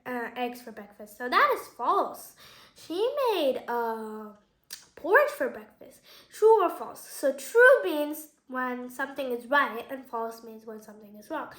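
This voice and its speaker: Woman reading a bedtime story, high voice. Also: fairly bright tone. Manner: casual, explains the pictures and asks questions. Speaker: children's story reader. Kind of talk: reading a picture book aloud to children. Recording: echoey room.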